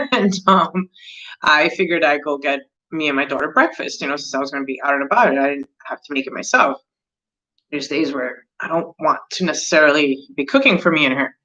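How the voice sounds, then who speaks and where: A woman's voice: low-pitched, lively intonation, brisk, pushed and bright, highs cut off. A woman hosting an astrology channel, chatting casually and rambling with lots of fillers as she tells a story. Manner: rambling, many fillers, gets heated retelling a story.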